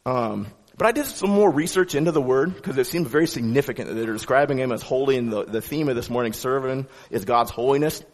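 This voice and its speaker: A man giving a sermon as pastor, with a conversational, animated delivery and frequent restarts. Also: medium pitch, quick pace, hardly any pauses, big-room sound.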